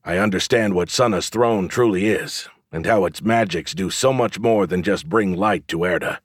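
Audiobook narrator, male, low-pitched, dry close sound, measured first-person storytelling. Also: breathy edge, no echo.

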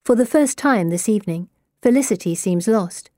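In a measured, even manner, a woman narrates a first-person audiobook from a script. Her voice sits in the mid-range, and the clean studio recording has no echo.

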